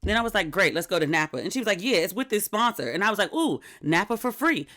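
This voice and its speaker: A woman's voice: medium pitch, rapid-fire. Chatty woman hosting her own podcast. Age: middle-aged. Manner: chatty, candid, acts out quoted friends in animated voices. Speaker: podcast host. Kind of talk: casual solo podcast chat.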